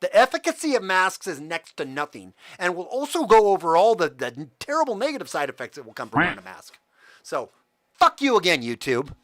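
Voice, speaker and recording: A man hosting a livestream and ranting, swinging his voice widely up and down as he gets worked up. His tone is bright and edged, with a dry, close sound. He swears freely and addresses his viewers directly. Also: high voice, very animated, a little fast, no room sound. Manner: heated, profane ranting; talks to the chat directly. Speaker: livestream host.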